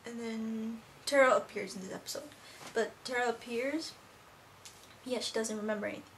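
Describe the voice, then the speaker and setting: A woman's voice: fairly high pitch, fairly even intonation, normal speed, fairly bright tone, a little hiss or hum. Gushing teen girl reviewing a cartoon. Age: teens. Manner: rambling, gushing fan, lots of fillers. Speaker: video reviewer. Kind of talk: casual chatty episode review.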